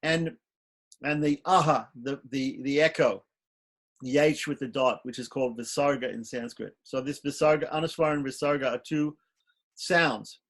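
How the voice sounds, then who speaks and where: A man's voice: mid-range voice, moderate pace. A man teaching a class on ritual and mantras, explaining step by step and chanting short mantras aloud. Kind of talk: online class lecture.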